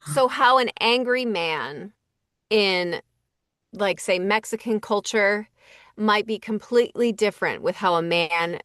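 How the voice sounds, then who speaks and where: A woman's voice: medium pitch, a bit bright, dry recording, clean studio sound. A woman who works as a voice director and casting associate, talking casually in an interview and thinking aloud with lots of fillers. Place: Los Angeles.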